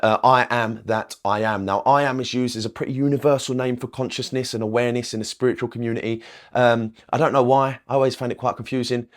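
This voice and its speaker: Man talking as a rambling spiritual coach. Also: mid-range voice. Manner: rambling, repeats itself, checks in with "okay?", swears casually. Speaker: manifestation coach. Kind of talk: casual spiritual teaching to camera.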